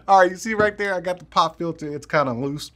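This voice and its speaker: A man's voice: sits high, quick pace, sharp tone. A man giving a casual, laid-back product review, who jokes with viewers and calls them y'all and man. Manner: says man and y'all a lot. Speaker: tech reviewer.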